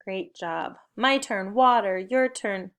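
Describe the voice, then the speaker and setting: A woman's voice: medium pitch, takes it slowly, a bit bright. Upbeat woman teaching kids to spell. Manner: upbeat, encouraging, sing-song call-and-response prompts. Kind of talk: recorded phonics and spelling lesson for young children.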